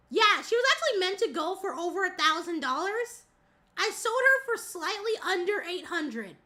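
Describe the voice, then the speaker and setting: Woman streamer, slightly nasal, casual rambling chat, high voice, bright tone. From Southern United States. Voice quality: a little nasal. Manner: rambling, chatty, quick to laugh. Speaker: VTuber streamer.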